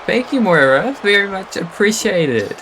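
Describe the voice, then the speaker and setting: A man calling a wrestling match live, excitable and quick to laugh and exclaim. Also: high voice, noisy background. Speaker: wrestling commentator. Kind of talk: live play-by-play commentary.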